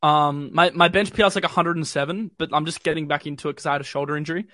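A man's voice: a little high, fairly even intonation, racing, sharp tone, no room sound, studio quality. Young Australian man, casual stream host. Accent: mild city Australian. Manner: chatty, filler-heavy, reads viewer comments. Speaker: crypto livestream host. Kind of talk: casual live-stream chat. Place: home bedroom.

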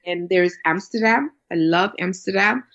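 Woman, low voice, gravelly, husky, enthusiastic, casual chat, dull lo-fi sound. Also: moderate pace, a bit bright. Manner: enthusiastic, emphatic storyteller.

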